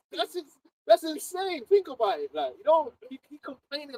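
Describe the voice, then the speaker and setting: Preacher, male, animated chat host; very high, lively pitch. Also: fairly quick, low-quality recording. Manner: animated, laughing, repeats words. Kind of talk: casual livestream chat.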